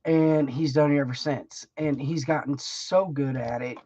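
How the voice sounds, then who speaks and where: Her voice low, husky, and dark in tone, a middle-aged woman talks from her livestream at a steady, slightly slow pace. The chat is casual and heartfelt, rambling and folksy, full of emotion and frequent laughter, and the audio sounds muffled.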